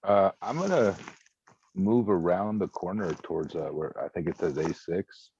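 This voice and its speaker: A man playing a tabletop game, describing his moves in a deliberate, matter-of-fact way. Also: low-pitched, expressive, mellow, lo-fi sound, slight background noise. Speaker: player.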